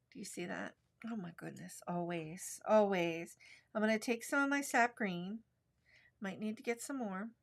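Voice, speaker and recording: Brief: middle-aged woman, warm chatty art teacher, talks through each brushstroke, steady mid pitch. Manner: chatty, explains each step while working. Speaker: watercolor instructor. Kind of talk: live painting demonstration.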